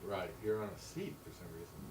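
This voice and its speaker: A man gives a piano lesson, counting beats aloud and singing rhythms in syllables as a piano plays loudly in the room. His low voice swings widely in pitch and moves a little fast, picked up by a distant mic with a roomy sound.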